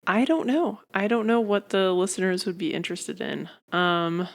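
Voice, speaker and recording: Woman podcaster with a croaky fry, blunt and teasing. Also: mid-range voice, moderate pace. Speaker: podcast host, fitness coach. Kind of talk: casual chat.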